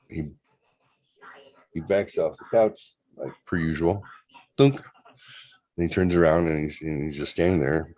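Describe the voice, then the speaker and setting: A man's voice: extremely low pitch, darkish tone. A man in his forties casually telling a long story on a livestream, loose and profane, with lots of rambling asides. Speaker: show host.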